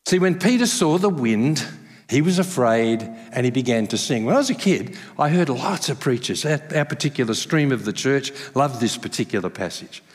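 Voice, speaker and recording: A male pastor preaching a sermon at a church service, conversational and self-deprecating, telling stories with lively humor. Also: medium pitch, moderate pace. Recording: long hall reverb.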